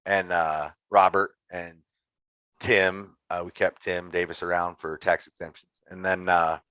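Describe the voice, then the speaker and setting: A man's voice: sits low, flat delivery, measured pace, bright, forceful tone, no echo. A man, a podcast guest chatting casually, blunt and joking with folksy grammar. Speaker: podcast guest, sim racer. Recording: dry, dull lo-fi sound.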